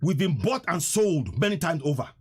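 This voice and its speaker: A man's voice: on the high side, animated, moderate pace, breathy edge. A man hosting a live stream, delivering a fiery, emphatic political rant and repeating lines for effect.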